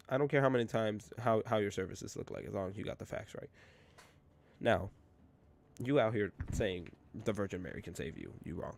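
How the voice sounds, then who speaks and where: A man's voice: fairly low pitch, very animated, brisk, creaky, no echo. A young man co-hosting a podcast, chatting casually in a rambling, joking way and laughing often. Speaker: podcast co-host. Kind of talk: casual chat.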